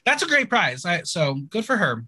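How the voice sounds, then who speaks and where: A man's voice: high voice, moderate pace, husky, no echo. A man hosting a podcast, casually recapping a TV show with jokes and laughter. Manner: animated, laughing, joking. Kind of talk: casual chat.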